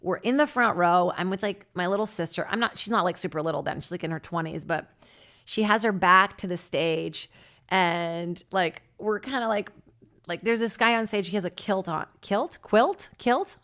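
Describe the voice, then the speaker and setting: A woman in her thirties hosting her own podcast, telling rambling self-deprecating stories in a casual comedy monologue. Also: moderate pace. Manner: rambling, self-deprecating, breaks into laughter, lively jumps in pitch. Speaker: podcast host and stand-up comic.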